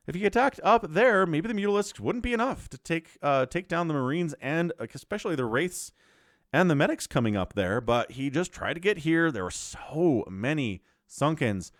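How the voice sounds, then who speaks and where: Animated male game caster. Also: mid-range voice, normal speed, dry recording. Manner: excitable and animated, breaks into laughs. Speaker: StarCraft shoutcaster. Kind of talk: solo game commentary.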